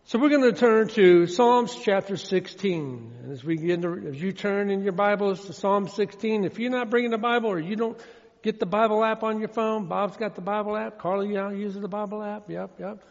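Casting: high-pitched male pastor, folksy sermon delivery with lots of repetition, dull lo-fi church recording with long reverb. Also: vocal fry. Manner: folksy preaching, repeats phrases, drawn-out quoted verses.

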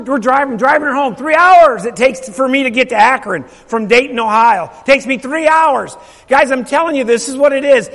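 A man's voice: extremely high pitch, fairly bright tone. A middle-aged male pastor telling a story in a sermon, emphatic and repeating his phrases while asking the congregation questions. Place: church sanctuary. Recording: long reverb of a large hall.

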